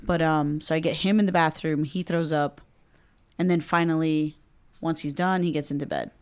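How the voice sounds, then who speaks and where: Young female podcast co-host, very low pitch, laid-back storyteller who quotes others. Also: fairly even intonation, normal speed, clean tone. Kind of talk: casual storytelling chat.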